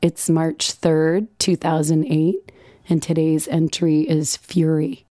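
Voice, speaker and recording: A woman reading her own first-person essay in a wry, dryly humorous way. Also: slow pace. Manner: acts out dialogue with lively pitch jumps. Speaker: writer reading her own blog entry.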